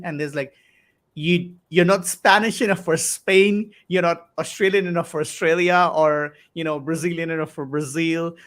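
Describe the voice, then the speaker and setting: Man, host, somewhat high voice, chatty, interview questions. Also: a bit bright. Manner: chatty, reads out viewer comments. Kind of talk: live-streamed interview hosting.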